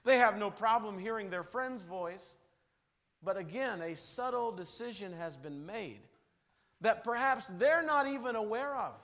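Man preaching, middle-aged, high voice, dramatic hushed-to-loud swings, long hall reverb. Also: expressive, unhurried. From southern Indiana. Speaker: pastor. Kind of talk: sermon.

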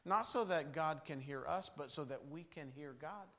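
A man preaching a revival sermon, telling stories dramatically and swinging from loud bursts to hushed lines. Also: on the high side, moderate pace.

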